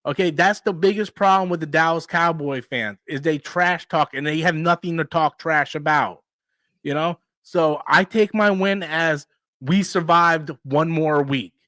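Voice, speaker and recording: Animated ranting man, a bit high-pitched. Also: measured pace, no echo. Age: 40s. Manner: animated, ranting, swears freely. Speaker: live stream host. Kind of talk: casual live stream chat.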